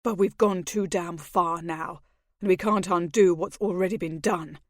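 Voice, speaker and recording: A woman's voice: on the low side, fairly even intonation, a little slow, dry recording, clean studio sound, lightly acted. A woman voicing a brooding, crude and bitter masked nobleman in an audiobook, speaking in a curt, sneering and passionate way. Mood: grim. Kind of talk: audiobook character voice.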